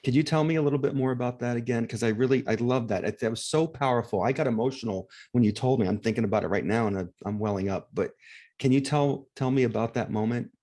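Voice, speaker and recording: A man's voice: mid-range voice, fast, warm tone. A man interviewing a guest about grief, speaking in a reflective, encouraging way. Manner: reflective, encouraging, emotional at times. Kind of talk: warm conversational interview.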